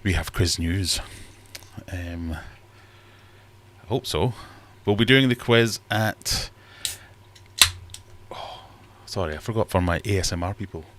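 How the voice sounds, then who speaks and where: Man, very low voice, casual livestream host, rambling, reads chat aloud. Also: slow pace, pauses often, a bit bright, slight background noise. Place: fish room at home.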